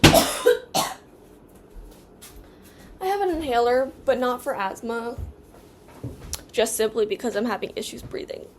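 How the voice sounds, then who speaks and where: An American woman rambles through a casual vlog at home, her voice sitting a little high. She wanders from topic to topic, pausing to clear her throat, with a faint hiss in the background. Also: sing-song. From United States. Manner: rambling and distracted, with an odd put-on accent. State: occasional coughing and throat clearing. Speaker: vlogger.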